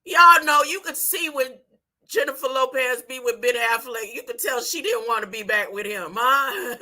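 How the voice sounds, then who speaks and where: Excitable, laughing high-voiced woman preacher. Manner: excitable, laughing often, repeating phrases, asking "huh?". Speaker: online preacher. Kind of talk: animated live-stream talk about dreams and scripture.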